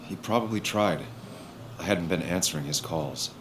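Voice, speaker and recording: A man playing a deep-voiced brooding man. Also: moderate pace, background noise, close to an everyday voice. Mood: subdued. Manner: terse, subdued. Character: brooding man returning to his hometown. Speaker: video game protagonist. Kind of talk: game voice acting.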